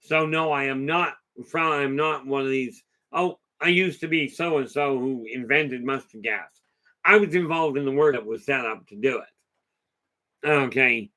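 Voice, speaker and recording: A man's voice: medium pitch, unhurried, sharp tone. A man hosting a casual live talk, telling a long story in a rambling, chatty way and answering viewer comments. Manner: rambling, chatty, with many restarts and asides. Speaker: host.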